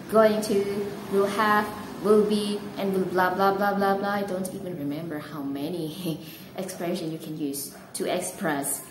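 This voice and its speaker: A woman with an Indonesian accent talks through an English lesson in an easygoing, slow way, chatty and self-amused. Her voice sits at a middle pitch. The room is echoey, and a steady noise runs behind her. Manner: relaxed and chatty, laughs at herself. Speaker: English teacher. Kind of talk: casual video lesson.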